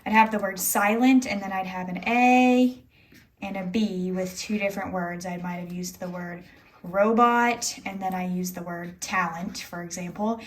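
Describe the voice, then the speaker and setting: A woman's voice: medium pitch, steady tone, moderate pace. Young female teacher, lilt, rambling chatty vlogger delivery. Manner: chatty, rambling, many "like"s and "anyways". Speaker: elementary school teacher. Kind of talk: casual day-in-the-life vlog talk.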